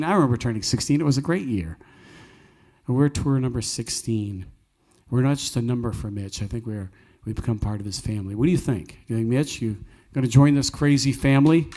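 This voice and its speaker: A man's voice: medium pitch, a little fast, a little mellow. A man, hosting a live cafe music night, telling stories earnestly and preaching with jokey asides. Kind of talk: folksy storytelling with preaching.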